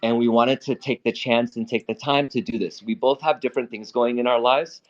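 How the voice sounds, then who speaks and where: A man's voice: mid-range voice, steady tone, fairly quick. A man hosting a casual live trading talk, blunt and profane, who often repeats and restarts his words. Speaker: stock trading host. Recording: dull lo-fi audio.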